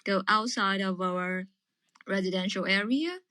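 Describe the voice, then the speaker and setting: A woman calling in, speaking in a measured, careful way. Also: medium pitch, pushed and bright, dry recording. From China. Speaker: caller. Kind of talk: casual chat.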